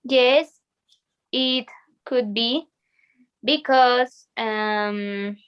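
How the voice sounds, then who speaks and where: Slow, careful higher-voiced woman. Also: clean tone. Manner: careful, hesitant answers with fillers. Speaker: interviewee. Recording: dull lo-fi recording.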